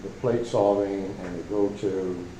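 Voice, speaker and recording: At a club meeting, a man with a deep, mellow voice casually explains his telescope setup, hesitant and full of fillers and restarts. He's unhurried with fairly even intonation, and the casual chat is recorded in a roomy meeting hall with a faint hum.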